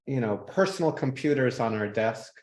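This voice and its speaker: Guy on a podcast telling tech stories, average pitch, kinda echoey room. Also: normal speed. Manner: relaxed, laughs easily, mimics people in anecdotes. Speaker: guest, tech innovator. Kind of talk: conversational interview storytelling.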